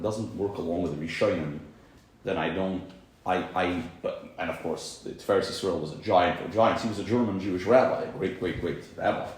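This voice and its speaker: A man's voice: sits low, heavy reverb, slight background noise, low-quality recording. A man teaching a small group around a table, explaining at length with many religious terms. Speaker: class teacher. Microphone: phone recording on the table.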